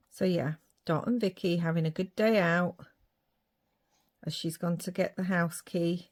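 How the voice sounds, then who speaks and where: A woman's voice: on the low side, a little slow, pauses often. A woman from Ireland chatting casually while making a craft project, muttering asides to herself. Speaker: craft vlogger.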